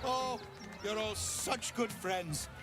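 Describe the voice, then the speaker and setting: A man's voice: high-pitched, slow, fairly bright tone, soft background music. A man voicing a cheery male clown in a game, telling puns in a sing-song, gleeful way.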